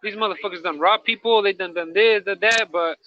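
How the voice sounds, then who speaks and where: A man's voice: sits high, a little fast, no room sound. A man co-hosting a candid casual talk show, rambling in slang and checking in with "right?" as he goes, recorded with dull lo-fi sound. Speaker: podcast co-host, incarcerated dog trainer.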